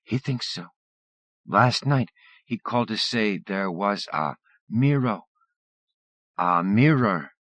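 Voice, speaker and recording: A man voicing a soft-spoken young Vietnamese immigrant girl who speaks slow, broken English in an airy voice. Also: lowish voice, animated, no room sound, pitched above the performer's own voice, full character voice. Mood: puzzled, earnest.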